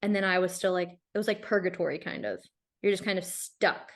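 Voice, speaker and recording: A woman's voice: fairly low pitch, a little fast. Chatty young woman, casual podcast talk. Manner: chatty, frequent "like" fillers, animated. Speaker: podcast guest. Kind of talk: casual chat.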